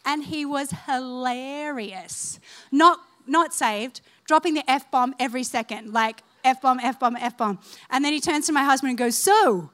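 A woman's voice: high voice, unhurried. A woman preaching a sermon, telling funny stories, laughing along and calling on the congregation to respond. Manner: animated, humorous, laughing through stories. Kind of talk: sermon with storytelling.

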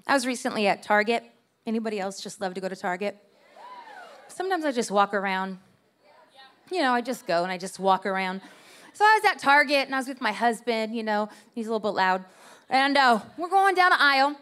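A woman's voice: fairly high pitch, animated, fairly quick, fairly bright tone. A woman preaching to her church, telling funny personal stories in a chatty, self-mocking way and acting out the voices in them. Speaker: pastor's wife preaching. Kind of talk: sermon with storytelling. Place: church service.

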